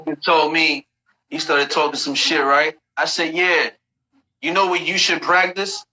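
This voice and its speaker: A man, talking bluntly and profanely in a casual livestream chat about spiritual practice, telling animated stories. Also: fairly high pitch, unhurried, slight background noise, low-quality recording. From New York.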